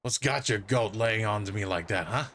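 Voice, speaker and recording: A man's voice: fairly low pitch, normal speed, a bit bright, a little hiss or hum, voice pushed down. A man voicing a rowdy, foul-mouthed male dolphin in a put-on Australian accent, brash and slangy.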